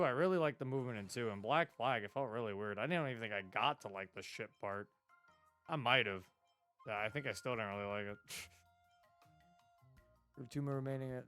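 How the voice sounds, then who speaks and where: A man's voice: medium pitch, fairly bright tone, smooth. A young man streaming a video game live, chatting casually, laughing often and swearing now and then.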